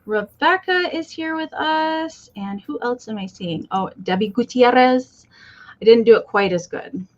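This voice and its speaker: Chatty higher-voiced woman hosting a live sale. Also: moderate pace, lo-fi sound. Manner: chatty, greets viewers one by one. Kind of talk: casual livestream chat.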